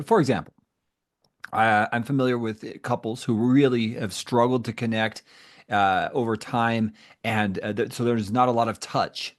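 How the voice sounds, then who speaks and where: A middle-aged man hosts a podcast, speaking at an ordinary pitch. He sets up his questions in a measured, thoughtful way. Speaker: podcast host and therapist. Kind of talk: podcast interview.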